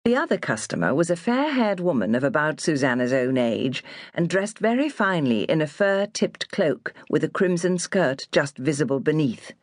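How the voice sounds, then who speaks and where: A woman's voice: low-pitched, no room sound, clean studio sound. Woman narrating an audiobook expressively. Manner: expressive storytelling reading. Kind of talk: scripted narration.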